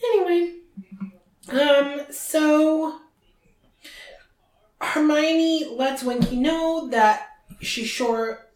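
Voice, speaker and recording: A woman hosts a casual book-discussion podcast and retells the story in an animated way. Her voice sits a little high, and the recording has a roomy echo. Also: extremely slow, pauses often. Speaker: podcast host.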